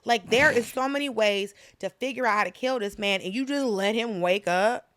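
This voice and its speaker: A young woman co-hosting a casual drama podcast, talking in an animated, exasperated way with quick asides and mock quotes. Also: a little high, dry recording, studio quality. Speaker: podcast co-host. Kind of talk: casual chat.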